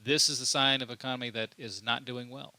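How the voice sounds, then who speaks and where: A man's voice: mid-range voice, steady tone, fast talker, bright, forceful tone, no echo. A man hosting his own political commentary show, talking emphatically off the cuff and often repeating and restarting his words. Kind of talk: unscripted commentary monologue.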